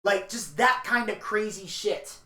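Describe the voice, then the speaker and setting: A man's voice: sits high, measured pace, sharp tone. A man co-hosting a podcast, rambling through a casual review with crude, opinionated remarks. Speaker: podcast co-host. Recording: echoey room.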